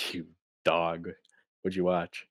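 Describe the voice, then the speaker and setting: A young man with a low, deep voice chats casually as a comedy podcast co-host. He spins long, playful, rambling stories. The sound is dry and close, with no room echo. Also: completely flat delivery, slow pace, fairly bright tone.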